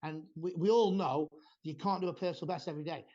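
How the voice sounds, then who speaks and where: Brief: male podcast host, blunt and sweary, slightly high voice, muffled lo-fi recording. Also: fast, a little mellow. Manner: blunt, swears freely, rambling explanations. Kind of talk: casual podcast chat about training. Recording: dull lo-fi sound.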